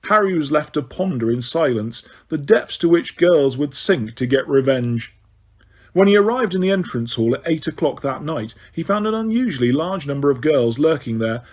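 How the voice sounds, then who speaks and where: Guy reading an audiobook, kinda high husky voice, trips over words now and then. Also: lively intonation, normal speed. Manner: occasional stumbles and restarts. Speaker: audiobook reader. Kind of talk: audiobook narration.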